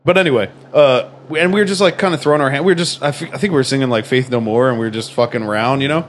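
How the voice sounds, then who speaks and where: A man's voice: mid-range voice, very fast, a little hiss or hum. A man in casual chat, telling a rambling, profane story full of fillers.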